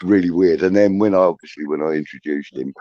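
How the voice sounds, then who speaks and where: A man's voice: low voice, quick pace, warm tone, dry recording. A man near sixty with a Liverpool accent, hosting a casual video-call chat and telling a rambling, sweary story full of restarts. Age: 50s. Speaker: host. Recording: dull lo-fi sound.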